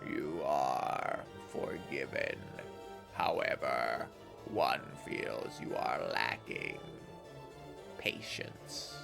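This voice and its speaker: A man voicing a ponderous, stone-skinned male monk who speaks slowly in the third person with a deep grinding rumble. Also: big pitch swings, gravelly, over music, exaggerated voice. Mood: stern. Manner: slow, halting, speaks of himself in third person. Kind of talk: reading game dialogue aloud.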